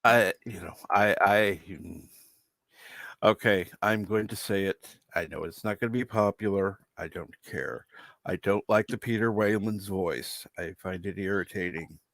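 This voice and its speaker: A man's voice: deep voice, a little slow, a bit bright, dry recording. A man hosting a casual chat podcast, blunt and outspoken, swearing freely as he gives his opinions. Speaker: podcast host.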